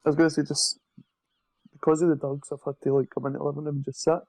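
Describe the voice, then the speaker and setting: A man's voice: on the high side, little pitch movement, rapid-fire, darkish tone, no room sound, poor audio. A man hosting a podcast in casual chat, joking and teasing his co-host.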